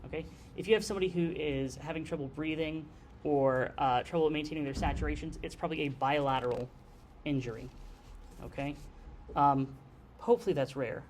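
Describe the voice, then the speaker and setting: A man's voice: fairly high pitch, fairly even intonation, fairly quick, a little mellow, a little hiss or hum. A man giving a lecture on airway anesthesia in a conversational way, often checking in with the class by asking "okay?". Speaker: nurse anesthesia instructor.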